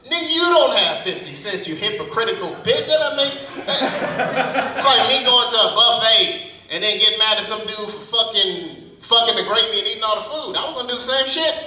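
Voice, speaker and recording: Profane stand-up comic in an echoey room. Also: male voice, extremely high pitch, fairly quick, bright, forceful tone. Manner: profane, rambling storytelling. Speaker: stand-up comedian. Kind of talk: stand-up comedy set. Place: speakeasy venue. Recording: echoey room, mic at a distance.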